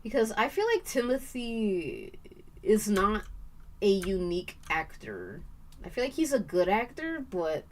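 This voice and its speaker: A woman's voice: medium pitch, a little hiss or hum. A young woman streaming while she draws, chatting casually and rambling with the odd swear word. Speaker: art streamer.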